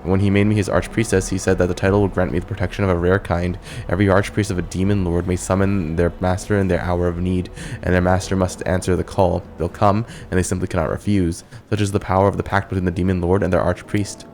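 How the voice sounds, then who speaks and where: Bitter demon-spawn ghost woman, read by a man, deep and flat. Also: fast, slight background noise. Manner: resentful, read aloud plainly.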